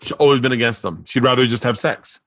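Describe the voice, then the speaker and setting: A male podcast host talking off the cuff in a rambling, excitable way, with plenty of profanity. His voice sits at an everyday middle pitch. It is recorded close and dry, with no room sound around it. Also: fast, no echo. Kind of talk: casual chat.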